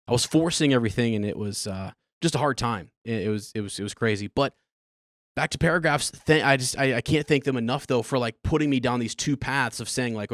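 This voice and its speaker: A man's voice: on the low side, a bit bright, no room sound, clean studio sound. Earnest rambling male podcast host. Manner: rambling, earnest, emotional, with many restarts and laughs. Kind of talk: casual personal storytelling.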